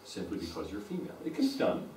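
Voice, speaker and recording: A man's voice: fast talker, a little mellow, distant mic, slight background noise. A man with a plain American accent gives a university lecture, explaining his points and repeating them for emphasis. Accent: General American. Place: lecture room. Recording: roomy echo, speaker away from the mic.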